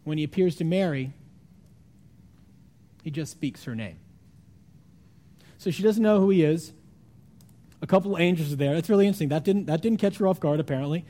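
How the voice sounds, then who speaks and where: A man delivers a sermon in a high, mellow voice. He retells the story with animated, acted-out lines, then falls quiet for reflective asides. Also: fairly quick, long pauses. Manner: animated storytelling with acted-out voices, jumps between loud and hushed. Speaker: pastor.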